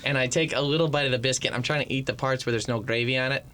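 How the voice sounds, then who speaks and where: This podcast co-host speaks very fast at a medium pitch. He tells a story in casual conversation, animatedly acting out the quotes as he goes.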